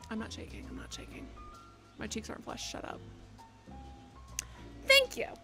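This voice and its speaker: Young woman, live-stream chat, raised pitch, gravelly fry, faint game music behind. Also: wildly swooping pitch, fast talker. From United States. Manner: rambling, joking, swears a lot. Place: her bedroom.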